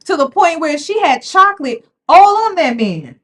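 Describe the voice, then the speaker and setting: A woman with a very high voice moves at a moderate pace while commenting on a reality show in a casual, slangy way. She's animated and chatty, turning to her viewers as y'all.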